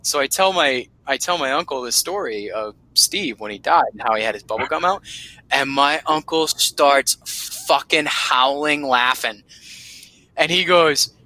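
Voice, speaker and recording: A man with a very bright, forceful voice tells a story casually, animated and salty, laughing as he goes. The sound is dry and close, with no room around it. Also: mid-range voice, measured pace, no echo, poor audio. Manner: animated storyteller who swears freely and laughs often. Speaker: podcast host.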